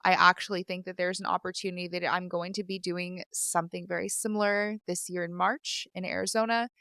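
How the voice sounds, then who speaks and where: Smooth-voiced young woman podcast host. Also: on the low side, level tone, fairly quick, pushed and bright, no echo, clean studio sound. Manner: candid, filler-heavy, chatty. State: teary and sniffling. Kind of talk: casual solo podcast chat. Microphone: studio microphone.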